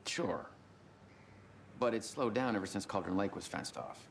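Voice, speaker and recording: An actor playing a friendly, steady male sheriff in a video game, speaking in an easygoing, plainspoken way. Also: on the low side, moderate pace, gravelly, a little hiss or hum. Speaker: game character.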